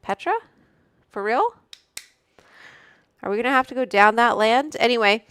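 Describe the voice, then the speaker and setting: A woman's voice: on the high side, moderate pace, fairly bright tone, clean tone. A woman hosting a casual livestream from home, chatting in a rambling way, reading out viewer names and swearing freely into a studio microphone. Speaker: livestream host. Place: room at home.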